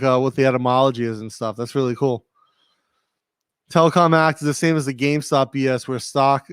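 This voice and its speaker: In his home studio, a Rhode Island man with a slight New England accent hosts a casual livestream, reading viewer comments and speaking to his audience directly in a rambling, laid-back manner. His voice is medium in pitch, clear and resonant, with no room sound.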